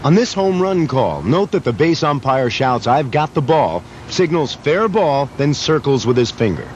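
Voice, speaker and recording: A man reading scripted voice-over narration for an instructional video in a measured, even way. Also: mid-range voice, background noise. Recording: lo-fi old video voice-over with loud music.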